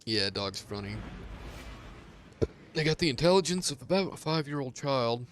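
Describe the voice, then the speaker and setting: A man's voice: medium pitch, expressive, normal speed, fairly bright tone, slight background noise. A man chatting casually on his game stream, rambling, swearing freely and laughing often. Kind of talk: casual gaming stream chat.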